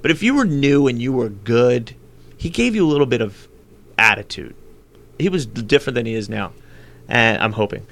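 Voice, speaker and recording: A man chatting as an interview guest, a loud, animated storyteller. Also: mid-range voice, moderate pace, vocal fry. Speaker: guest, comedian and actor. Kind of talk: casual chat.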